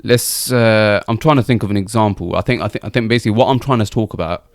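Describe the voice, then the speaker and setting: A man with a fairly low voice guides a relaxed podcast conversation. He thinks out loud and repeats words as he searches for his point, heard in a close, dry sound. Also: fast, no echo. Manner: steers the topic, thinks aloud with repeats. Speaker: podcast co-host. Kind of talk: casual discussion.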